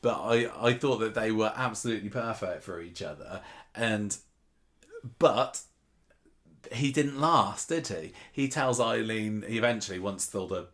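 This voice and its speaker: A man's voice: on the low side, a little slow, a bit bright. A man co-hosting a podcast, thinking aloud in casual chat with frequent restarts. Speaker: podcast co-host.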